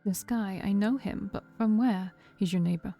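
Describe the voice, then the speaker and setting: A woman streamer reading a game's first-person narration aloud, steady and calm, with brief asides of her own. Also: mid-range voice, normal speed. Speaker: game streamer. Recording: faint music behind.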